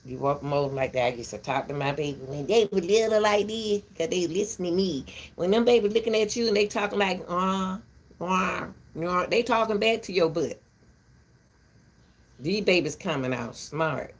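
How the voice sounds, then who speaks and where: An older woman ranting casually to her viewers from her back porch, blunt and rambling, breaking into laughter often. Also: fairly low pitch. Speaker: vlogger.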